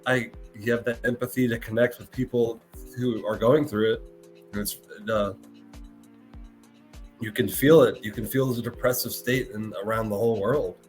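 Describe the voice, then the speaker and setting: A man's voice: medium pitch, steady tone, normal speed, soft background music. A man hosting a live podcast, talking in an earnest, emotional way and often stopping to repeat and restart his words. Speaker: podcast host.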